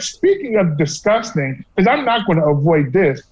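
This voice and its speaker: A man's voice: high-pitched, sing-song, a little slow, darkish tone, lo-fi sound. A man co-hosting a wrestling podcast, trading blunt, joking trash talk in casual banter. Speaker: podcast co-host.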